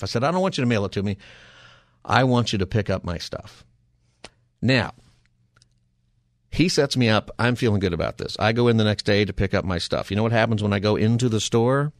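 A middle-aged man hosting a call-in radio show, telling a long exasperated story in a casual, animated way. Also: lowish voice, no echo, clean studio sound. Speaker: radio talk show host.

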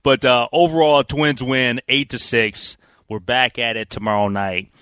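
Energetic male sports radio host. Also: medium pitch, clean tone, no room sound. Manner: energetic, chatty, with quick asides. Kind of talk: casual radio sports recap. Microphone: studio microphone.

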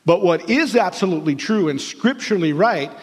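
A man's voice: sits high, expressive, a little fast, in a large hall. A man preaching a sermon as pastor, earnest and repetitive, telling stories to the congregation.

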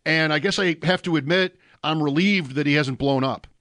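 A man's voice: on the high side, normal speed, fairly bright tone, no room sound, clean studio sound. A man chatting about football on the radio, reflective and thoughtful, often restarting his sentences. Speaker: sports radio talker. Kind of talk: casual sports radio chat.

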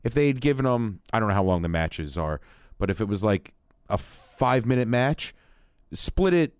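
Producer dude with a deep voice that swings all over, joking around, dry close sound. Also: male voice, very animated, normal speed, smooth, dry recording. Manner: joking, playful comebacks. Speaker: producer and co-host. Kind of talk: casual sports and wrestling chat.

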